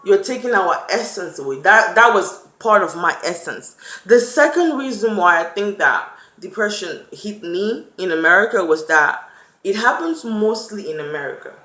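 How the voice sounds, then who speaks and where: A young woman speaks from the heart in a personal vlog. She tells her story earnestly and with animation, now and then acting out what people said. Her voice sits at a middle pitch, and a roomy echo hangs around it. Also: lively intonation, normal speed, pushed and bright. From Cameroon. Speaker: vlogger. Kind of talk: personal talk to camera. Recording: echoey room.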